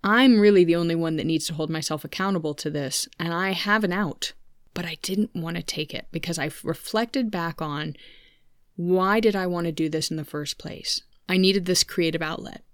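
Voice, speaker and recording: Her voice on the low side and her pace normal, a woman in her thirties hosts her own podcast, offering a candid monologue with asides to listeners. She records on a studio microphone at a home computer, and the sound is clean without echo.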